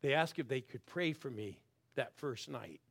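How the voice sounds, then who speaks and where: A man in his sixties preaching a sermon, swinging from loud calls to the crowd down to soft, hushed lines. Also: medium pitch, animated, moderate pace, gravelly. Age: 60s. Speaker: guest preacher.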